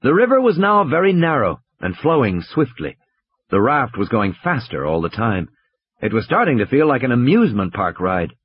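Man, audiobook narration, dramatic, very animated intonation, husky edge, dry dull recording. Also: mid-range voice, normal speed. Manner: expressive storytelling.

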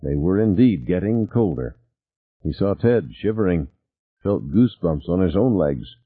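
Deep husky guy reading an audiobook, lively delivery, tinny phone-like sound. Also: a little slow, no echo. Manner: varied, expressive reading. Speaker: narrator. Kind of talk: audiobook narration.

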